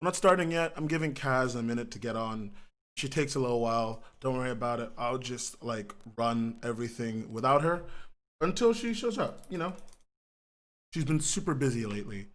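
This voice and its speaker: Brief: male livestream host, mid pitch, loose rambling chat with viewers, casual swearing. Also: brisk, a bit bright. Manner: rambling, greets viewers by name, frequent laughs and restarts. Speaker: podcast host.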